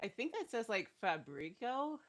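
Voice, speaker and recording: A woman's voice: on the high side, very animated, normal speed. A woman leading a live-streamed workout as fitness instructor, encouraging and laughing often while she is cramping and feeling unwell.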